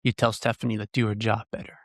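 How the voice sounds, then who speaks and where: Talking fast in a lowish, fairly flat voice, a podcast host launches into an earnest, heated solo rant packed with rhetorical questions. The recording is dry, his mouth close to the podcast microphone.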